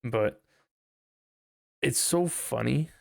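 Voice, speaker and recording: A man's voice: mid-range voice, extremely slow, gravelly, a little mellow, no room sound, studio quality. A man hosting a casual solo podcast, rambling and swearing as he thinks aloud, often unsure of himself. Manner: rambling, profane, unsure musing. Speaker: podcast host.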